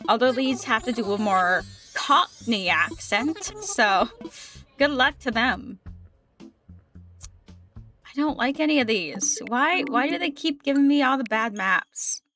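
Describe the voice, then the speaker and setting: A woman's voice: on the high side, animated, takes it slowly, pushed and bright, soft background music. A young woman livestreaming a game, chatting casually and upbeat with her viewers, sometimes tripping over her words. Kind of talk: casual chat with live chat while gaming.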